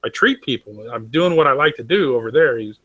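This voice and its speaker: A man's voice: medium pitch, expressive, brisk, sharp tone, no room sound, muffled recording. A man talking casually and swearing a lot, rambling from story to story. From United States. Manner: rambling, profane, jumps into mocking voices. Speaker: talk show host. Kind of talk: casual chat.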